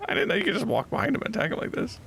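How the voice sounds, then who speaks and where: A man's voice: very high voice, wildly swooping pitch, racing, creaky, background noise. A man streaming a game live, chatting casually and playfully while he plays, often laughing and teasing what happens on screen. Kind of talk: casual live gameplay commentary.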